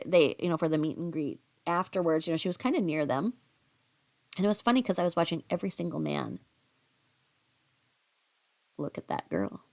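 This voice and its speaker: A middle-aged woman telling a story in a casual, rambling way, with many fillers and restarts. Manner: acts out quoted voices in a higher pitch.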